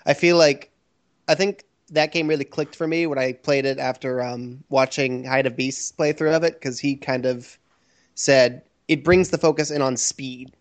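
A man co-hosting a casual game review chat, speaking in a measured, thoughtful way. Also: medium pitch, fairly even intonation. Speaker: podcast co-host.

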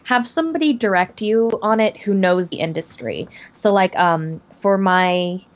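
A woman's voice: mid-range voice, animated, measured pace, muffled recording. A young woman, a voice actor, talking casually in a podcast chat with lots of fillers and restarts. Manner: chatty, many fillers and restarts. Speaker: voice actor guest.

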